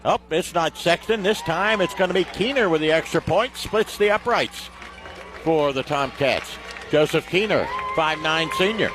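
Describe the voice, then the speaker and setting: Male play-by-play announcer, higher voice, excitable radio football caller. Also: normal speed, a crowd in the background. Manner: excitable, shouts on big plays.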